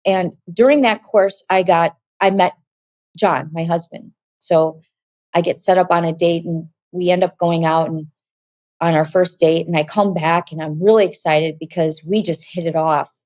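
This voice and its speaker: A woman with a low, mellow voice tells her life story as an interview guest. She slips into what people said as she goes, and her voice sounds close and dry. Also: normal speed, no room sound. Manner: animated, acts out dialogue in quoted voices. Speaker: guest giving a testimony. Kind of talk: personal testimony storytelling.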